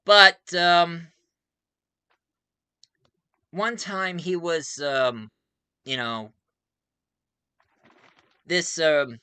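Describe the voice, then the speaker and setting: Chatty man with a bright, crisp voice. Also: on the high side, steady tone, extremely slow, pauses often, no echo. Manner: rambling, full of fillers, chuckles often. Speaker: movie reviewer. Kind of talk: casual movie review.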